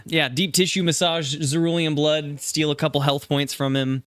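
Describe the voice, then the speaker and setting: Guy rambling about his tabletop character, bright smooth voice, dry close sound. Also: fairly high pitch, steady tone, normal speed, no echo. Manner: rambling, self-correcting, many fillers. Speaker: tabletop game player.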